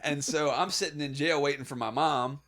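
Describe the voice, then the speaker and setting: A man hosting a podcast, telling wild stories from his youth in a casual, swearing, animated way. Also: on the high side, normal speed. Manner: profane, animated anecdote-telling with laughs. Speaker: podcast host. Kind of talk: casual storytelling.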